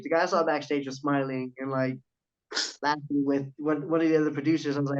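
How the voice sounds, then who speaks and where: Young man, slightly high voice, animated storyteller, swears a lot, dull lo-fi sound. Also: quick pace. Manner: animated storyteller, swears freely, quotes others in his story. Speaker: guest, professional wrestler. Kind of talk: casual podcast storytelling. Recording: dull lo-fi audio.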